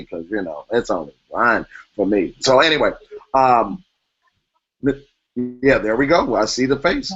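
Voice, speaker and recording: Over murky, low-fidelity video call sound, a man moderates an online panel like a relaxed chat, cracking jokes and laughing a lot. His voice is on the low side, expressive and a bit bright with some huskiness, at a moderate pace.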